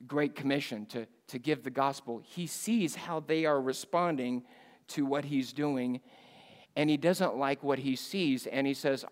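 The sound of a big room surrounds a man giving a sermon at a church missions conference. He is animated and emphatic, his voice swinging from loud bursts to quiet, low lines.

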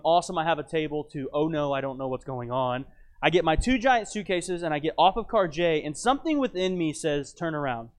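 A man with a slightly high voice, telling a story with lively drama. He adds dry, wry asides. He sounds like he is in his thirties. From United States. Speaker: speaker telling a travel story. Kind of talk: storytelling talk.

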